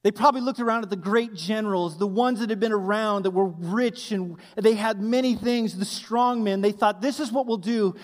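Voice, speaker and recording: Man, pastor, sermon, high voice, animated, emphatic, reverberant hall. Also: normal speed, hardly any pauses. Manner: animated, emphatic, asks the congregation to fill in blanks.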